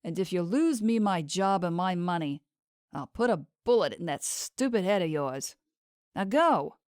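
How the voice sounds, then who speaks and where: A woman's voice: lowish voice, animated, a little slow, darkish tone, no echo, studio quality. A woman reading the part of a blunt, mercenary male hired thug in an audiobook, speaking curtly and threateningly. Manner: curt, threatening.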